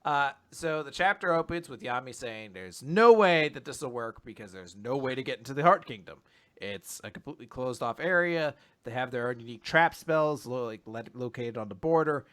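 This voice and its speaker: A young man casually chatting as a podcast co-host, rambling through summaries and slipping into animated quoted voices. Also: medium pitch, a little fast, clear, resonant tone. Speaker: podcast co-host recapping manga. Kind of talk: casual chat.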